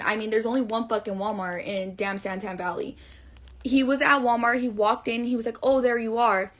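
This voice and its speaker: A woman's voice: fairly high pitch, fairly bright tone. A young woman telling her viewers a long personal story, blunt, rambling and swearing a lot. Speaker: livestreamer.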